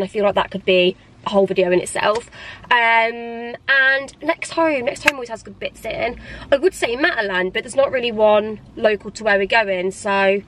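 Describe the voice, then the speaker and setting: A young woman talks excitedly to her viewers, her voice sitting fairly high and a touch hoarse. She gushes and fills her sentences with "like" in a casual vlog style. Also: poor audio. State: slightly hoarse. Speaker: vlogger. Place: in a parked car, then in a shop.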